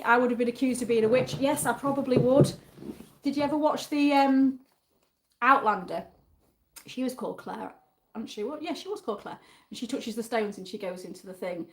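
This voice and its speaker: A chatty woman with a North London English accent hosts a live stream, her voice pitched a little high. She keeps a casual, upbeat flow as she answers viewers and reads out their comments. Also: a little mellow. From England. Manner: chatty and upbeat, reacting to chat, with asides and laughs. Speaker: livestream host. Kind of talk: casual livestream chat reading viewer comments.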